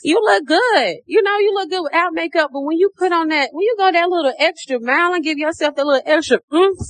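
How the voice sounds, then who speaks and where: Croaky-voiced woman podcast host. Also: fast talker. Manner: encouraging, calls listeners baby and sis; acts out her own thoughts in a higher voice. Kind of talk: casual motivational podcast talk.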